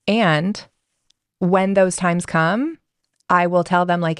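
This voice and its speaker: A woman's voice: on the low side, normal speed, no echo, clean studio sound. A woman coach and parent, speaking reflectively in a podcast interview and acting out small dialogue examples. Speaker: guest, communication coach.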